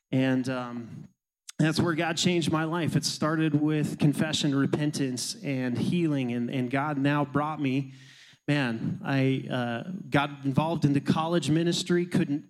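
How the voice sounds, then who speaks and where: A man's voice: medium pitch, low-quality recording. A man, a pastor, sharing his own testimony in a church service in an earnest, emphatic way. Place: church sanctuary.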